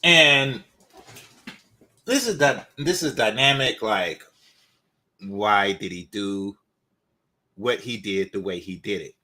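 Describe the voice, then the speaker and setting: A man's voice: lowish voice, animated, takes it slowly, pauses often, bright, forceful tone. Rambling man chatting casually, slightly congested. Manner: rambling, conversational, many fillers. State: developing a cold. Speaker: channel host. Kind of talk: casual commentary.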